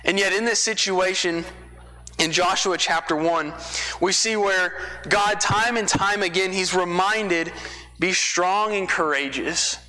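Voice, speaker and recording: A man's voice: high-pitched, steady tone, measured pace, sharp tone. A man from Texas preaching a sermon in a church, telling the story in a conversational way with folksy asides. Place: church sanctuary. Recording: long reverb of a church hall.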